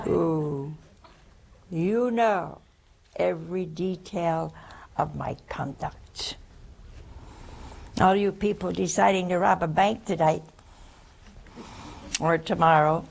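Slow, gravelly older woman preaching. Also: on the low side, low-quality recording. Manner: folksy and animated, swinging between loud bursts and hushed asides. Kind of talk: sermon.

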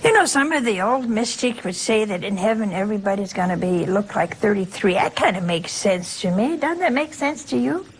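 An older woman, a nun leading her sisters, gives a chatty religious talk, constantly checking in with rhetorical questions. Her mid-range voice is animated and a little fast with hardly any pauses, on a low-quality recording with a little hiss or hum.

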